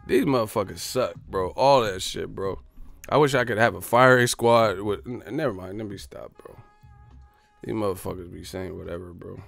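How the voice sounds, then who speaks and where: A man's voice: on the low side, moderate pace, vocal fry, fairly bright tone, no room sound, soft background music. A man hosting a boxing show who gives blunt, profane commentary in a casual way.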